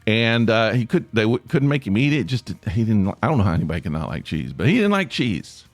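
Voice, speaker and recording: A man's voice: on the low side, big pitch swings, brisk, no echo, faint music behind. East tennessee guy rambling on his solo podcast, kinda self-deprecating, voice jumps all over, dry mic. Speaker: podcast host.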